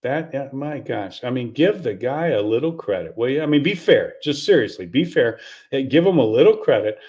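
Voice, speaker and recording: A man's voice: mid-range voice, expressive, moderate pace, darkish tone. An older man, a golf coach, ranting in incredulous exasperation, restarting and repeating himself with sarcastic laughs. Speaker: golf coach giving commentary. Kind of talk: animated opinion rant.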